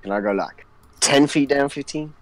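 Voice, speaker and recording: A man's voice: mid-range voice, normal speed. A man playing a tabletop game, talking casually and tentatively. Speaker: player.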